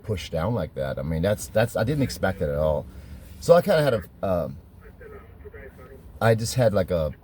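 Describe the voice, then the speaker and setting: Middle-aged German-accented man, deep mellow voice, casual rambling storyteller who corrects himself often. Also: slight background noise. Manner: rambling, self-correcting, laughs at his own stories. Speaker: fitness trainer telling stories.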